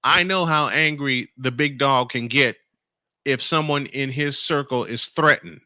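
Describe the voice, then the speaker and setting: A male morning-show host confronts a critic in an angry on-air rant, reading comments aloud and repeating phrases emphatically. His mid-range voice keeps a measured pace and a sharp tone. The studio-quality recording carries no room sound.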